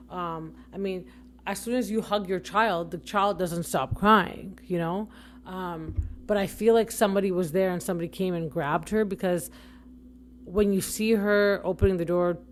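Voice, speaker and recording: With a fairly low voice and a little hiss or hum behind her, a young adult woman hosting a podcast gives casual opinions, rambling chattily and correcting herself often.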